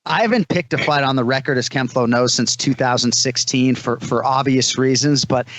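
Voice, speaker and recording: A man's voice: mid-range voice, fairly bright tone, no echo. Boston man hosting a fight preview. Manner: brisk, stat-heavy questioning. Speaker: podcast host. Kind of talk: fight preview, reading odds.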